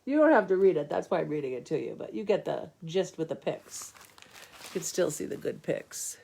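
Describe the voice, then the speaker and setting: A woman's voice: sits low, sing-song, a little fast, vocal fry, warm tone, breathy edge. A woman reading a picture book aloud to listeners, chatty and laughing often between the lines.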